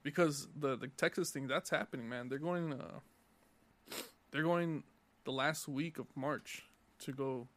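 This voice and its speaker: A man's voice: mid-range voice, unhurried, fairly bright tone. A young man from California on a casual podcast, telling a profane, heated story about work. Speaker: podcast co-host.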